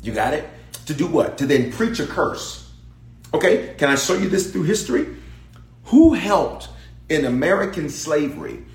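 A man preaching a sermon to a congregation, calling out to the crowd and repeating key lines, dropping to a hush and then rising to a shout. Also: fairly high pitch, sing-song, normal speed, roomy sound. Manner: call-and-response preaching, repeating lines, shifting from hushed to shouted. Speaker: bishop preaching. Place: church sanctuary.

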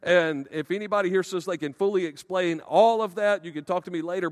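A man preaching a sermon as pastor, emphatic and slowing down to stress key words. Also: on the high side, long reverb tail.

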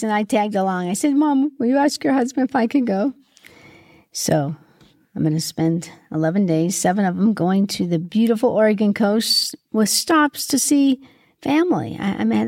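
A middle-aged woman hosting a reflective Christian podcast, asking gentle questions in an earnest way, sometimes choked up with grief. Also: fairly high pitch, no echo, clean studio sound. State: grieving, occasionally choked up. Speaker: podcast host and Christian mentor. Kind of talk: reflective solo podcast monologue.

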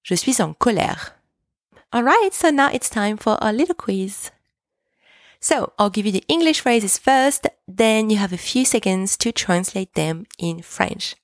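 Slow, careful woman teaching language. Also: mid-range voice, expressive, no room sound, clean studio sound. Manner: slow, careful, repeats French words for practice. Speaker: French teacher, podcast host. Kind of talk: language lesson podcast.

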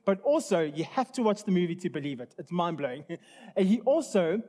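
High-voiced man preaching a sermon. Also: very animated, brisk, dark tone. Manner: earnest, conversational, with restarts and asides. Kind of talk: sermon with opening prayer.

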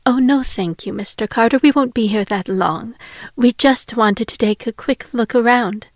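A woman's voice: fairly high pitch, normal speed, dry recording, studio quality, natural voice. A woman reading aloud and voicing a courteous, apologetic aunt who introduces her family. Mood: polite. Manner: polite, courteous.

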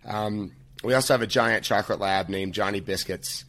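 A man's voice: on the low side, normal speed, gravelly, fairly bright tone. A man in his thirties, an author and coach, answering interview questions in a friendly, thoughtful way as he searches for words. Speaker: podcast guest, author and men's coach.

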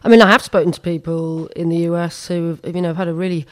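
A British woman hosting a podcast, asking gentle, sympathetic questions in an interview. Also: lowish voice, steady tone, fast talker, no echo. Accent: British English. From United Kingdom. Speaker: podcast host.

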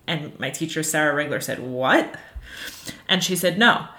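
Earnest woman teacher with a bright voice. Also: low voice, fast talker. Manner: earnest and animated, with many fillers. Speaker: religious teacher. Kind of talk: teaching a class on Jewish ethics.

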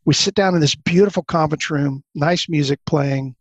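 A man as an interview guest, telling workplace anecdotes in an animated way and acting out the lines of the people in them. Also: on the high side, normal speed, no echo. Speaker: guest consultant. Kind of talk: storytelling in a podcast interview.

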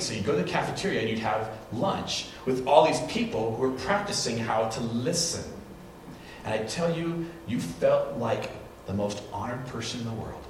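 A man preaching to a congregation, telling lively stories and acting out the voices of the people in them. He sounds far from the mic in a big echoey hall, with steady background noise. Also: medium pitch. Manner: animated storytelling, acts out quotes. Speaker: pastor. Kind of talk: sermon with live demonstration.

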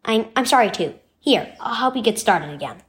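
Woman playing a quick-tempered young boy. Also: on the high side, lively intonation, natural voice. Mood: coaching. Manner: coaching, apologetic.

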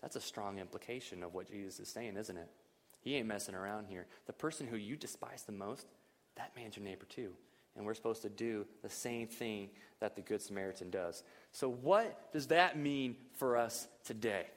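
A man's voice: on the low side, moderate pace. Man preaching in an echoing hall. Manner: lively, conversational preaching with frequent rhetorical questions. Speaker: pastor. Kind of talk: sermon. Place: church service.

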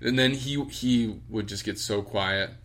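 A young man co-hosting a podcast, telling relaxed family stories in casual chat and swearing now and then. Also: measured pace. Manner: relaxed storytelling, swears casually, mimics family in high voices. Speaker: podcast co-host.

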